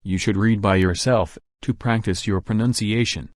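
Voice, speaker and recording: A man reading an English grammar lesson aloud, giving the rules and the answers in a measured, even way. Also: fairly low pitch, no room sound. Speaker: English teacher.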